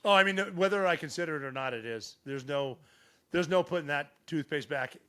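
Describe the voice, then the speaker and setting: This podcast guest, a middle-aged Montanan, talks fairly quickly in a fairly high-pitched voice. His casual storytelling is lively and laced with lots of swearing.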